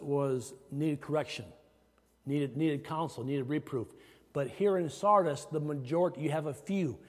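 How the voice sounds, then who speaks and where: A pastor with a fairly high, slightly mellow voice delivers a sermon in a reverberant hall. His preaching is conversational, with fillers and restarts.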